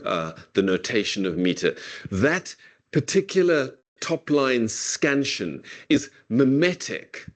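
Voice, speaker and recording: A middle-aged man giving a university literature lecture in a classroom, discursive and full of "okay?" tags. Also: medium pitch. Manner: dramatic slow recitation of verse.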